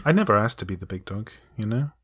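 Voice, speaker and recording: Male podcast host, husky voice, lively melodramatic delivery. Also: lowish voice, quick pace. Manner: mock-dramatic, lively. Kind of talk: casual comedic chat.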